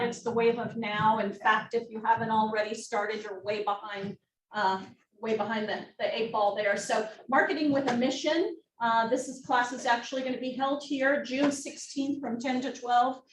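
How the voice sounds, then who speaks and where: A woman's voice: fairly high pitch, fairly even intonation, normal speed. A woman running an office team meeting presentation, upbeat and making joking asides. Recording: roomy, distant mic, faint noise.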